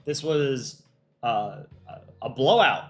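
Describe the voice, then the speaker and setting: Relaxed man hosting a casual livestream. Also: mid-range voice, slow, soft background music. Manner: relaxed, offhand, thinking aloud with ums. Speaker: livestream host for a countryball animation channel. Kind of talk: casual livestream chat reading viewer questions.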